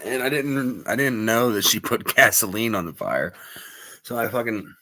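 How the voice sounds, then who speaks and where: A man with a bright, sharp voice, telling a story in casual chat. He jokes and breaks into easy laughter as he goes. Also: fairly low pitch, lively intonation, moderate pace, rough recording. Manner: laughing, joking.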